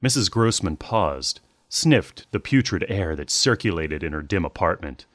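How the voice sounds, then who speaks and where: A man reads a dark tale in a measured, descriptive way. His voice sits very low, and the recording is dry and close with no room sound. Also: expressive, dry recording. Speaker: narrator. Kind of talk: scripted storytelling narration.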